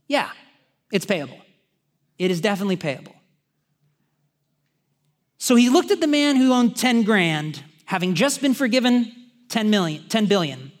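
A male pastor delivers a sermon in a high, bright-sounding voice. He preaches in an animated, conversational way and often turns to his listeners with casual asides.

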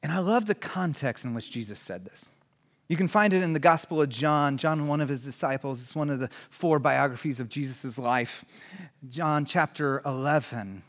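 A man preaching a sermon who moves from hushed, almost whispered lines to loud, impassioned shouts. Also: mid-range voice, moderate pace. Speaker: pastor. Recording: long hall reverb.

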